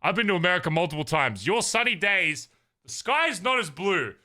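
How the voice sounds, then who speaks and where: Animated Australian man ranting to chat. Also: high-pitched, brisk, no room sound. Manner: animated, swearing, ranting playfully. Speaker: livestreamer. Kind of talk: casual chat to stream viewers.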